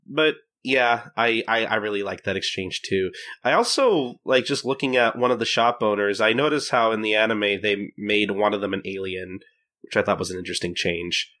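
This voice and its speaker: A man's voice: fairly low pitch, normal speed, bright, forceful tone. A man hosting a podcast, recapping a manga chapter in casual chat with many fillers and restarts. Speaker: podcast host.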